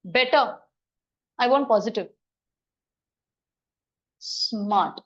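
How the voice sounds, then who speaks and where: A woman teaching a grammar lesson in a classroom, brisk and coaxing as she quizzes students. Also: fairly high pitch, a bit bright, dull audio.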